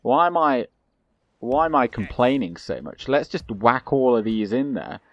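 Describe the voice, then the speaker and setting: A man's voice: medium pitch, big pitch swings, normal speed, fairly bright tone, no echo, muffled recording. A young man giving rambling, chatty commentary while playing a strategy game, laughing now and then. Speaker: gaming channel host. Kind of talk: let's play commentary.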